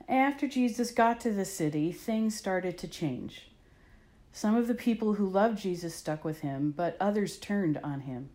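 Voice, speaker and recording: A woman's voice: mid-range voice, mellow. A woman telling a Bible story to children with expression, asking the listener questions along the way.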